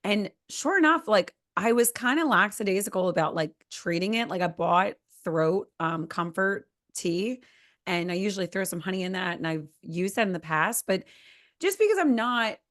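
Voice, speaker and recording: A woman co-hosting a podcast in casual chat. Her voice is hoarse and slightly raspy from a lost voice, and she rambles with many fillers and self-corrections. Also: mid-range voice, animated, moderate pace, fairly bright tone. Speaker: podcast co-host.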